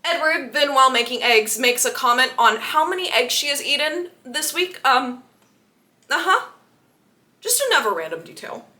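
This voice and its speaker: Sarcastic, bright-voiced woman book vlogger. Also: high voice, moderate pace. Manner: sarcastic, animated retelling. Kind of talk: casual book recap vlog.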